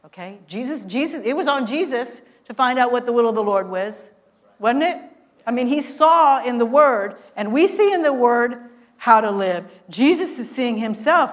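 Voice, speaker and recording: A middle-aged woman preaching a sermon, telling a story and urging listeners with emphatic swings in loudness. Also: fairly high pitch, lively intonation, moderate pace.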